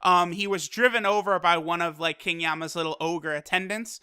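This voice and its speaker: Hyped, profane anime episode reviewer, loose and casual, with a clear bright tone. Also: mid-range voice, normal speed. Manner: excitable and profane, with loose fillers.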